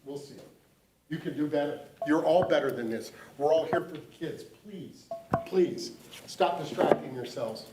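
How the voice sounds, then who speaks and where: A man with a slightly high voice makes a public comment to a school board, pleading and exhorting. The room is echoey and there is clear background noise. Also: measured pace.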